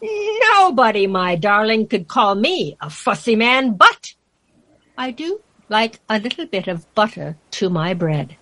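A woman's voice: medium pitch, sing-song, normal speed, few pauses, pitched below the performer's own voice. A woman voicing a fussy, childish king while reading a children's poem aloud. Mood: gleeful. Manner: whimpering then gleeful.

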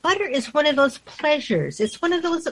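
An animated woman hosting a community radio show, chatty and playful. Her slightly high voice moves up and down a lot. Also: normal speed. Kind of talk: casual radio chat and poetry reading.

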